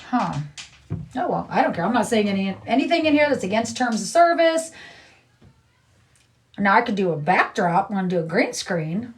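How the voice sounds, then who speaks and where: A woman's voice: medium pitch, big pitch swings, moderate pace, pauses often, recorded from a distance, a little hiss or hum. A middle-aged woman livestreaming, chatting casually in a blunt, rambling way and repeating herself.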